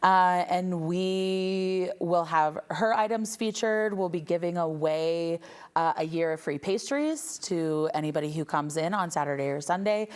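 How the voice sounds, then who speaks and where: A woman from a bakery, a guest on a TV segment, explaining in a measured way with a few uhs. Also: on the low side, smooth. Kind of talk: TV interview.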